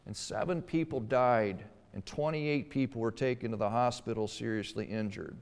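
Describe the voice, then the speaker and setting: Pastor guy preaching, smooth resonant voice, builds up loud then goes quiet, big hall echo. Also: mid-range voice, moderate pace. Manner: emphatic preaching with rising and hushed passages. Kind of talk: sermon. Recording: long hall reverb.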